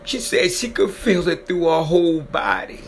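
On the high side and expressive, this man's voice moves at normal speed against slight background noise. In an emotional retelling of someone's frightening encounter, he is dramatic and repetitive, and his voice swells whenever emotion builds.

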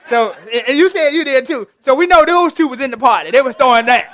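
A male pastor leads an interactive sermon, chatting with his congregation and joking with individual members. His voice sits high, and the recording is dry and close. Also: animated, fast talker, fairly bright tone, no room sound. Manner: conversational, teasing the congregation, retells scripture with playful voices.

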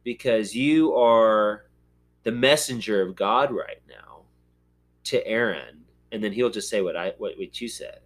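A man's voice: on the low side, measured pace. A man hosting a podcast, talking through scripture casually and thinking aloud with frequent ums and uhs. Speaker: podcast host. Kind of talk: casual Bible discussion.

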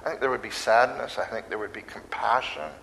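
A man preaching a sermon in a conversational, animated way, now and then acting out voices. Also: fairly low pitch, brisk, vocal fry, slight background noise, rough recording.

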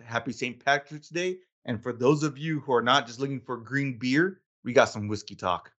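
A man hosting a whiskey podcast in casual chat, laid-back and quick to laugh. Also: mid-range voice, fairly bright tone, lo-fi sound. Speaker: podcast host.

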